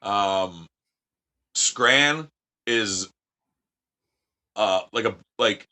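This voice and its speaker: A man from the United States, a podcast guest telling profane, animated anecdotes in casual chat. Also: on the low side, extremely slow.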